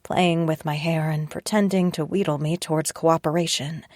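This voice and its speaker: A woman's voice: low voice, fairly even intonation, moderate pace, a little mellow, no echo. A woman reading a first-person audiobook narration with a tense, wry inner voice, close to a studio mic.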